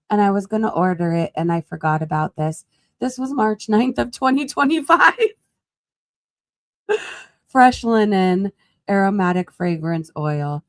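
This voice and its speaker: On a live gossip stream, a woman with a low-ish voice chats casually with her viewers, scrolling and laughing as she comments. The recording is dry.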